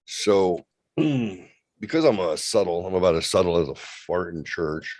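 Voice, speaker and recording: A man's voice: low-pitched, big pitch swings, measured pace, a little mellow, no echo. A man co-hosting a comedy show over a remote call, telling a bawdy story and acting out the other people's lines with playful relish. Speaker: co-host. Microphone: remote video call.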